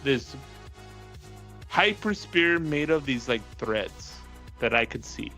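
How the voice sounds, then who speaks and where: A man's voice: mid-range voice, expressive, takes it slowly, sharp tone, faint music behind. A man casually telling a long dream story on a podcast, rambling with constant "like" fillers and cheerful swearing. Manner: rambling, heavy use of filler "like"; profane, laughs through the telling. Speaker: podcast co-host.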